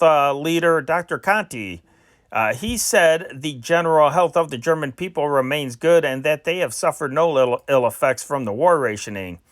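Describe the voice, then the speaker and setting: A man reading old newspaper war stories aloud in a slow, deliberate way, stumbling and restarting now and then. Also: a little high, fairly bright tone, no room sound, clean studio sound. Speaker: newspaper reader.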